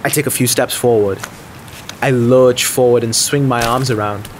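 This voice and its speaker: A man's voice: mid-range voice, fairly even intonation, moderate pace, slight background noise. A young man narrating an audio drama in the first person, anxious and self-deprecating, with faint music underneath. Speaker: narrator and lead character.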